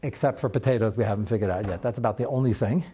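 A man teaching a Talmud class as a rabbi, chatty and animated, sprinkling his talk with Hebrew and Yiddish terms. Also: lowish voice, rapid-fire, background noise. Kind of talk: Talmud class lecture with storytelling.

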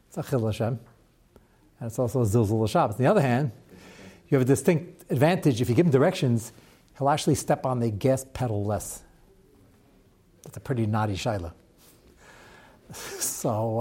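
A man's voice: mid-range voice, a little mellow. A man teaching a Torah class to students, talking through a text with rhetorical questions and wry asides.

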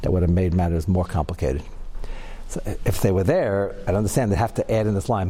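Animated man teaching in a reverberant hall. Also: a little fast. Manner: animated, acts out quoted lines with sudden high pitch. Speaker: Torah teacher. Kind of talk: Torah class lecture.

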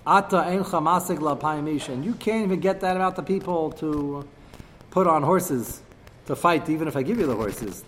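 A man's voice: mid-range voice, long reverb tail, a little hiss or hum. A man teaching a text-study class, acting out quoted speakers with sarcastic asides. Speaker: Torah teacher.

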